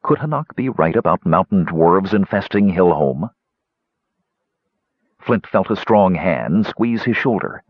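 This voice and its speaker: A man with a low, husky voice narrates a fantasy novel in measured storytelling. His pitch moves expressively through the lines. The recording sounds dull and dry. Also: expressive, no echo. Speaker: audiobook narrator. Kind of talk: scripted narration.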